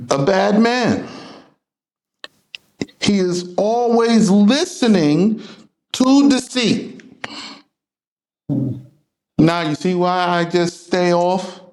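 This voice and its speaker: A man's voice: sits high, a little mellow. A man teaching a religious class in an emphatic, confrontational lecturing manner.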